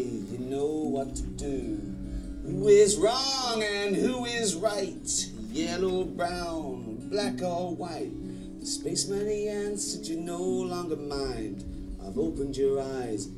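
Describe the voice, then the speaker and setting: David Brent, earnest slow balladeer. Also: male voice, on the high side, rough recording. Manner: earnest, slow, preachy singing. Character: middle-aged male office boss, earnest self-styled singer-songwriter. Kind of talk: solemn folk singing with acoustic guitar. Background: acoustic guitar.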